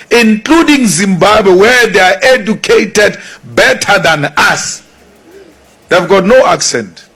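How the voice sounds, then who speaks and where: Husky South African man, high and unhurried, forceful political speaker who repeats lines for emphasis. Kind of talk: political speech.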